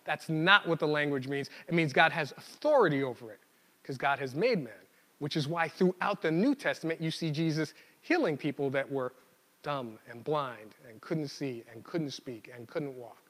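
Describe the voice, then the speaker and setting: A male preacher with a high-pitched voice delivers a sermon in a relaxed, conversational way. He acts out the quotes and trips over restarts and fillers. His voice rings out in a long hall reverb. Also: moderate pace.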